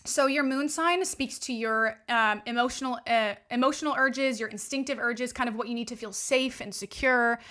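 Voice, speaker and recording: A woman's voice: on the high side, moderate pace, hardly any pauses, pushed and bright. A young woman, a guest coach on a podcast, explaining astrology in chatty, upbeat casual talk full of "like". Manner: chatty, upbeat, heavy use of "like".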